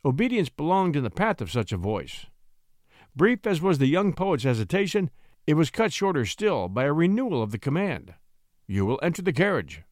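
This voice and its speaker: A man narrating a classic short story in an expressive, scripted reading voice. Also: fairly high pitch, normal speed, no room sound, clean studio sound. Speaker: audiobook narrator.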